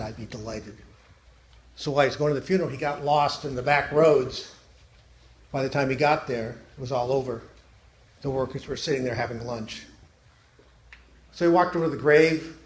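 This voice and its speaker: Man telling jokes in an echoey hall. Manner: deadpan storytelling, drops low and quiet for punchlines. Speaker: stand-up comedian. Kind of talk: stand-up joke telling. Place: church hall. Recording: echoey hall, faint noise.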